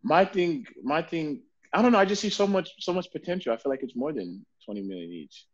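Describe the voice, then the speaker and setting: A man guest on a podcast telling family stories in a casual, animated way, often repeating words as he builds up a story. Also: fairly high pitch, fairly quick, highs cut off. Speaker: podcast guest, football player.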